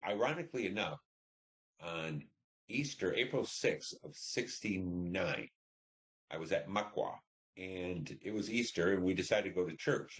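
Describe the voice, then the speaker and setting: An older man telling a personal war story in an interview, rambling with many "you know"s and acting out what people said. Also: sits low. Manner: rambling, frequent "you know", acts out dialogue. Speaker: interviewee, veteran.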